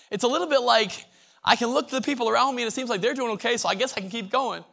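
A man with a notably high voice preaches to students in a college chapel. His delivery is emphatic and repetitive, and he often restarts phrases as he drives his points home. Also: pushed and bright. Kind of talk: sermon.

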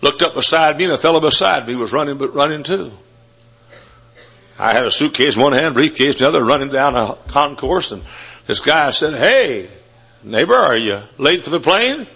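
A man preaching a sermon, telling stories and rising to loud, fervent shouts. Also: fairly high pitch, brisk, slightly rough. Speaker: Baptist preacher. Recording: dull lo-fi sermon recording.

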